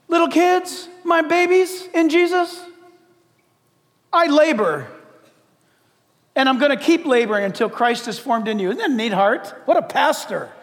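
A male pastor preaching an animated, conversational sermon with humor. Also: very high voice, long reverb tail.

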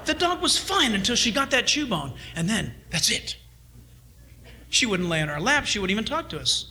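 Male pastor, middle-aged, high and bright voice, animated sermon delivery. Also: normal speed. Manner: animated, swings between loud urging and hushed asides.

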